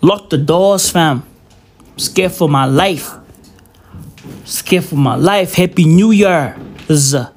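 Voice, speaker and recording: A man's voice: on the high side, slow pace, long pauses, a little hiss or hum. A young man vlogging a profane, rambling, mock-serious rant at home, peppering it with slang. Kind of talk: casual rant to camera. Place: indoors at home at New Year.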